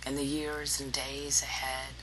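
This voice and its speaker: A narrator reading a story aloud in a slow, hushed, often breathy way. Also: medium pitch, monotone, noisy background.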